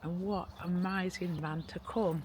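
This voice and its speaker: A woman's voice: fairly low pitch, fairly even intonation, unhurried, background noise. A woman chatting casually to camera outdoors in a rambling, gushing way, speaking a bit oddly because she is cold. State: cold, shivering speech. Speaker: motorhome vlogger. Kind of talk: casual vlog chat to camera. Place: outdoors at a castle.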